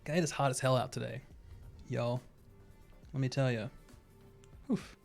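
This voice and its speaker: A young streamer's mid-range voice stays steady at a normal speed, with some vocal fry and soft music in the background. As he plays a video game he gives loose, rambling commentary, laid-back and often laughing to himself.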